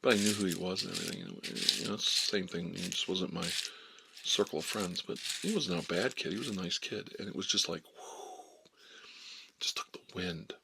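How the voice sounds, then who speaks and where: Gravelly soft-spoken man in his fifties. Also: a little fast, noisy background. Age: 50s. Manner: drifts between soft whispers and low murmurs. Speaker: life coach. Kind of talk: soft-spoken ASMR storytelling.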